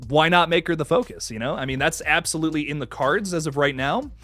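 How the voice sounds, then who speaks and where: A man's voice: fairly high pitch, animated, quick pace, bright, forceful tone, dry recording. A young man hosting a casual live stream, greeting chatters with hype and swearing casually. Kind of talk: casual live stream chat, reading comments.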